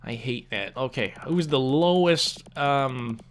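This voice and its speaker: A young man casually commenting on a sports game as he plays, animated, swearing often and repeating himself. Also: mid-range voice, slow pace. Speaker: gaming YouTuber.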